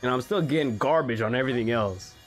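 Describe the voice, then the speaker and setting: A young man giving casual, excitable commentary on a mobile game, swearing freely and laughing often. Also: medium pitch, quick pace, faint music behind. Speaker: gaming YouTuber.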